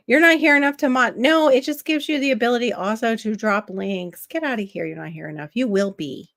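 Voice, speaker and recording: A woman's voice: on the high side, a little fast, fairly bright tone, dry recording, studio quality. Chatty nasal woman hosting a livestream. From Florida. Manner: chatty, reads viewer comments and answers them aloud. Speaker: livestream host. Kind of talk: casual livestream chat with viewers.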